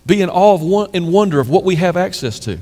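A man's voice: sits high, animated, quick pace, dark tone, big-room sound. A man preaching a sermon as pastor, building to emphatic peaks and asking rhetorical questions of the congregation.

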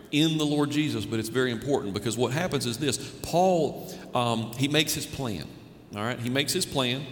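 A man's voice: medium pitch, fairly bright tone. A man preaching a sermon as a pastor, earnest and direct, asking rhetorical questions and often restarting his phrases. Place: church sanctuary. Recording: echoey hall with faint noise.

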